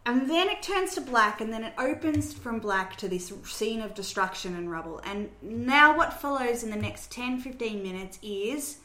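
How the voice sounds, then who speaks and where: Animated and sharp-toned, a woman with a higher voice retells a movie's plot scene by scene on her podcast, talking at normal speed with hardly any pauses. Her chatty recap is full of fillers, heard in a roomy, echoey space.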